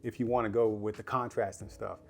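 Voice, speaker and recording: A man's voice: lowish voice, steady tone, a little fast, gravelly, faint music behind. A man casually reviewing a TV at home, chatty and slangy, talking straight to viewers and laughing often. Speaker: tech reviewer. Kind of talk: casual product review vlog. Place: living room at home.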